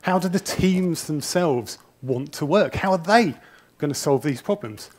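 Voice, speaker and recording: A man's voice: a little high, animated, a little slow, darkish tone. Nervous man giving a conference talk. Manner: nervous, chatty storyteller with self-deprecating humour. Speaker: conference speaker. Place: conference hall. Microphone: wireless presenter mic with a body pack.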